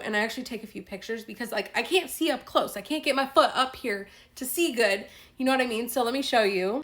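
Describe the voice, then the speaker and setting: A woman vlogger telling a storytime vlog, animated and indignant, with lots of "like" and restarts. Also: high voice. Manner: animated, indignant retelling with many fillers.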